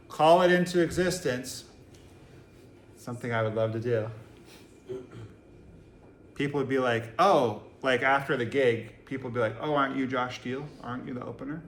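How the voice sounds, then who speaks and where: A man from Boston leads a dharma talk in a meditation hall. He speaks in a casual, joking way and keeps asking rhetorical questions. His mid-range voice rings through an echoey room, with a faint hum behind it. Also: medium pitch. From Boston, USA. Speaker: Zen teacher. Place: meditation hall with a live audience.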